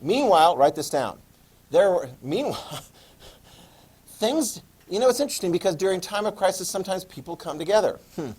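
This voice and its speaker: Male teacher, a bit high-pitched, casual classroom lecture, keeps asking students questions. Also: animated, normal speed, a little mellow, breathy edge. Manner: chatty, asks the class questions. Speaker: history teacher.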